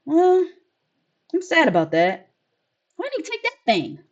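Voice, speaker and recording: A woman giving let's play commentary on a horror game with expressive, dramatic reactions. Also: very high voice, a little slow, lo-fi sound. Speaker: gaming streamer.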